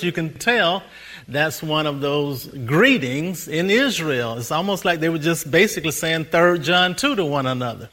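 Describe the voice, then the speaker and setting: A male pastor delivers a sermon in a bright, forceful voice that sits a little high for a man. He stacks rhythmic repeated phrases and slows right down to lean on key words. Between points he tells lively stories and chuckles at them. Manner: rhythmic repetition, slows for emphasis, laughs at own stories.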